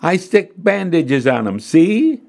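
A man's voice: on the high side, sing-song, takes it slowly, vocal fry, a little mellow, pitched above the performer's own voice, full character voice. A man voicing a sick four-year-old boy who speaks mournfully and childishly in a storybook.

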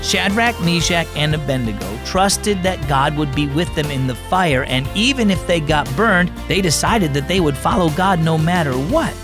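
A man's voice: on the high side, lively intonation, normal speed, few pauses, music in the background. A man hosting a children's devotional program, reading a story and teaching in a scripted narration. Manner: warm storytelling read, acts out character lines.

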